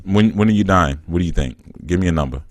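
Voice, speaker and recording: A man speaks in a low register and trades playful jabs in casual slang as a call-in host. His voice is dry and close, with no room sound around it. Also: fast, no echo, faint music behind. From New York. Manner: teasing, joking, laid-back slang. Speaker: spiritual counselor and show host.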